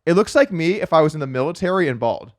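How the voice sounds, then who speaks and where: A man being interviewed on a podcast, telling stories about his life in a quick, chatty way with frequent restarts, sometimes acting out the voices of people in his stories. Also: on the high side, expressive, no room sound, clean studio sound. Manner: acts out quoted voices in his anecdotes. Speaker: podcast guest, professional poker player. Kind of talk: casual storytelling interview.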